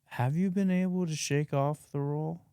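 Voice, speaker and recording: A man hosting a podcast, chiming in with short deadpan lines that play along with his guest. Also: fairly high pitch, normal speed, smooth, dry recording, clean studio sound. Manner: short deadpan interjections going along with the bit. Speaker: podcast host. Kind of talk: casual podcast interview.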